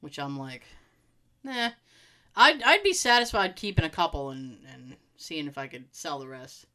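A woman with a Boston accent co-hosting a podcast in casual chat, giggly and animated, laughing often. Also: sits low, moderate pace. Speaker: podcast co-host.

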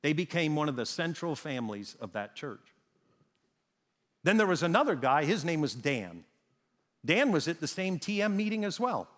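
Man preaching, kinda high voice, swings up and down a lot, big echoey church hall. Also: sing-song, a bit bright. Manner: storytelling, emphatic with dramatic pauses. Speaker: pastor. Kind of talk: sermon. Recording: reverberant hall sound.

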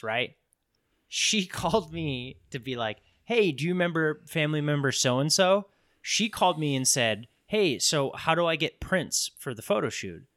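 A married man chatting casually with friends, telling a story and acting out the voices of people in it. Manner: animated storyteller, mimics voices with big pitch jumps. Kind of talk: casual chat.

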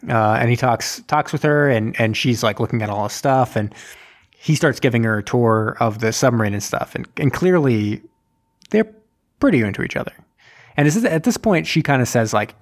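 A man co-hosting a podcast, recapping a film in casual, rambling chat full of fillers and quick acted quotes. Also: mid-range voice, lively intonation, gravelly. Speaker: podcast co-host.

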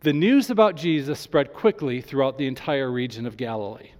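A man's voice: mid-range voice, sing-song, brisk, a little mellow, in a large hall. A male pastor preaching a sermon with enthusiasm, reading scripture aloud to his congregation.

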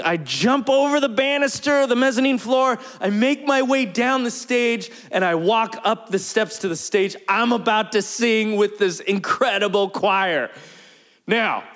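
A man preaching, telling a personal story in a lively, animated way and acting out the quotes. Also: sits high, moderate pace. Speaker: pastor. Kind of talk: storytelling sermon.

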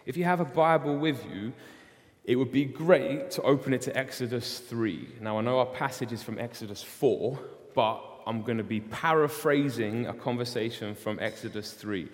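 A young man preaching a sermon in a casual, animated storytelling way. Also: medium pitch, normal speed. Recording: long hall reverb.

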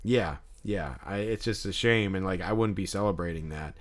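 A man's voice: sits low, moderate pace. A man co-hosting a podcast, telling a story in a loose, rambling way with lots of fillers and restarts and casual swearing. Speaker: podcast co-host. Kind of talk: casual chat.

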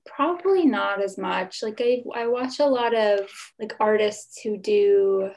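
A young woman joins a podcast as a guest, speaking at an ordinary pitch. She talks casually and hesitantly, trailing off often and filling gaps with 'like' and 'um'. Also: a little slow, darkish tone. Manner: hesitant, trailing off, many fillers. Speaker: guest, illustrator. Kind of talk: casual chat.

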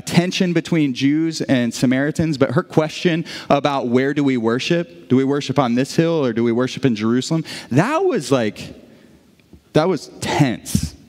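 Conversational pastor preaching in a reverberant sanctuary. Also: male voice, a little high. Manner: conversational, frequent restarts, asides to the congregation. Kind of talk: sermon. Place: church sanctuary. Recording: long church reverb.

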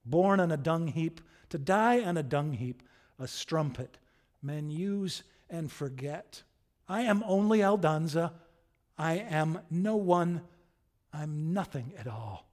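A man's voice: fairly high pitch, expressive, slow pace, a little mellow. A man acting out a scornful tavern kitchen maid in a sermon, declaiming her lines with passion. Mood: bitter, pleading. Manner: impassioned, declaiming, bitter.

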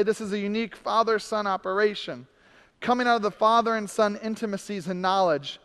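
A man preaching a sermon, swinging from loud, emphatic stretches to soft, drawn-out words. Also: high-pitched, smooth. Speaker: pastor. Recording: long hall reverb.

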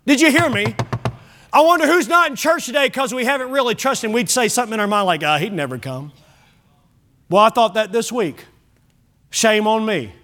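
A male pastor preaching a sermon, swinging from loud exhortation to hushed lines, with conversational asides to the congregation. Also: very high-pitched, a little fast.

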